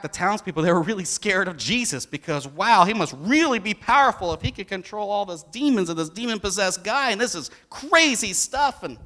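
A middle-aged man delivering a sermon in a high, bright voice. His pitch swings widely as he tells stories and acts out what people said, pressing hard on the key lines. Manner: animated storytelling, acts out quotes with rising emphasis. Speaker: pastor.

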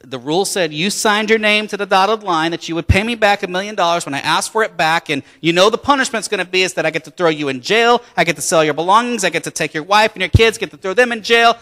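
A man's voice: high voice, fast talker, hardly any pauses, pushed and bright, big-room sound, voice pushed up. A man voicing a stern lender who insists on being repaid, in a sermon retelling. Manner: strict and insistent. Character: stern male lender demanding repayment.

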